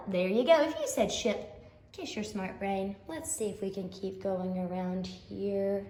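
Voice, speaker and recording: A woman's voice: mid-range voice, a little slow, a little mellow, echoey room. A woman teacher giving a playful phonics lesson to young children, gasping and acting surprised as she goes. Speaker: kindergarten teacher. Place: empty classroom.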